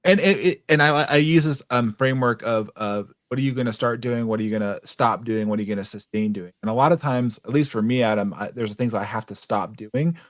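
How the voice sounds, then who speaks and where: A man's voice: mid-range voice, fairly quick, few pauses, no room sound. A man hosting a business podcast, talking in a casual, affirming way, often restarting his sentences. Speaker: podcast host. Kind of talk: casual interview chat.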